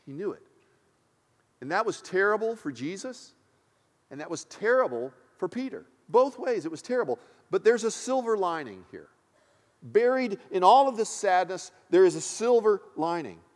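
Pastor guy preaching, repeats stuff, goes soft and low for effect, big echoey hall. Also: very animated, moderate pace. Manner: emphatic, repeats key phrases, drops low and quiet for weight. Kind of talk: sermon. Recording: long hall reverb.

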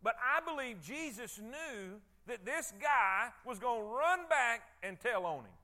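A man's voice: very high-pitched, animated, measured pace, pushed and bright. A man preaching a sermon in a conversational way, often repeating words and checking in with his congregation. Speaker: pastor.

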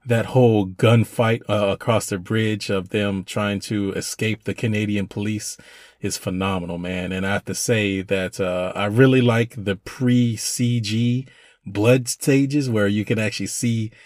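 A man co-hosting a podcast, chatting casually about movies in a rambling way and now and then acting out scenes in quick put-on voices. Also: lowish voice, steady tone, a little mellow, dry recording, clean studio sound. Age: young adult to middle-aged, a parent. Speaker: podcast co-host. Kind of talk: casual film review chat.

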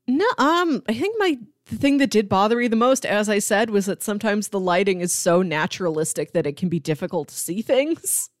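Woman, podcast co-host, dry close sound, thoughtful, slows to list points. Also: medium pitch, expressive, no room sound. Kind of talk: casual chat.

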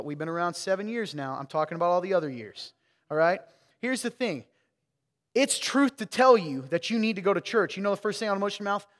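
A man's voice: high voice, long reverb tail. A man preaching a sermon as pastor, frank and joking, talking to his congregation in a conversational way. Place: church sanctuary.

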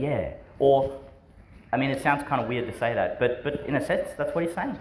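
A man's voice: medium pitch, lively intonation, normal speed, a little hiss or hum. A man, a priest giving a homily to schoolchildren in a chatty, questioning way that often breaks into laughs. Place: school church service.

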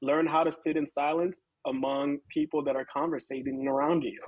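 A man's voice: fairly high pitch, steady tone, normal speed, no echo, poor audio. American man, dry close sound. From United States. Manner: reflective, many fillers and restarts, laughs while talking. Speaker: co-host. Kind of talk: casual conversation.

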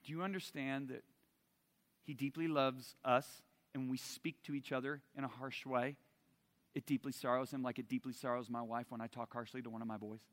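A middle-aged man preaching a sermon, swinging from loud emphasis to soft intimacy and asking the audience direct questions. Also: medium pitch, fairly even intonation, fairly quick, big-room sound.

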